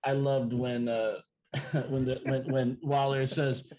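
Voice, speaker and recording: A laid-back speaker joins a relaxed conversation about movies and laughs along with the others. The voice sits at a middle pitch. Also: takes it slowly, slight background noise. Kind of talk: casual chat about films.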